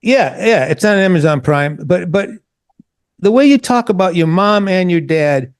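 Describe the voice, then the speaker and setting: A man's voice: high-pitched, expressive, normal speed, smooth. A man hosting a casual interview, talking with enthusiasm while stumbling and repeating words as he goes. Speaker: host.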